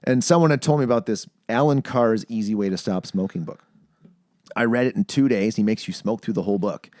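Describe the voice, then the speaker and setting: Animated man telling stories on a podcast. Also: on the low side, brisk, no room sound, studio quality. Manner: animated storyteller, acts out quoted voices. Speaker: podcast host. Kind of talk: casual podcast chat.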